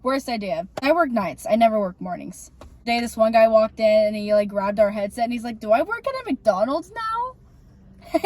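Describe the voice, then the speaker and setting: Young woman podcast cohost, rambly and chatty, kinda high voice. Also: very animated, moderate pace, darkish tone. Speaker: podcast co-host. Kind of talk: casual storytelling chat.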